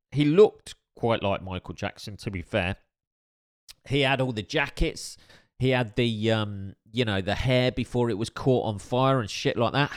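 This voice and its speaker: A man telling a story in casual chat, wry and rambling, with many fillers and restarts. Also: medium pitch. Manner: dry, wry humor.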